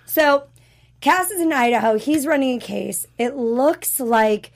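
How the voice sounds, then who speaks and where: A woman co-hosting a casual TV review chat, a little hoarse from being sick, who talks in a chatty, animated way and acts out the characters' lines. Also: high-pitched, measured pace. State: sick with a rough voice. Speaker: podcast co-host.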